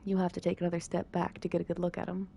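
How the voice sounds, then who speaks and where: Woman narrator, low gravelly voice, calm bedtime reading of a story game. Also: rapid-fire, a little hiss or hum. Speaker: narrator reading a visual novel.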